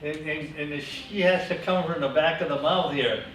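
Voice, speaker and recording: Guy teaching a class, kinda high voice, lots of room echo, mic far off. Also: normal speed. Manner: lively, coaching students through name pronunciation. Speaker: teacher educator. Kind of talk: classroom lecture. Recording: echoey classroom from far off, faint hiss.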